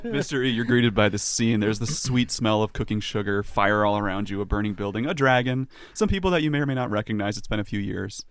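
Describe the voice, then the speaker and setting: A man's voice: on the low side, fast talker, hardly any pauses, clean tone, no echo. A man running a tabletop game as game master, narrating the scene in a loose, descriptive way.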